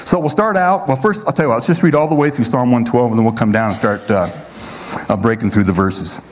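A man preaching a sermon to a congregation in a relaxed, conversational way, often checking in with his listeners. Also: medium pitch, quick pace. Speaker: pastor.

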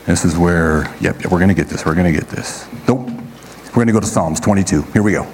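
A man's voice: low voice, a little fast, darkish tone, a little hiss or hum. Conversational male pastor preaching. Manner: conversational preaching, often checking in with "okay?". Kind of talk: sermon.

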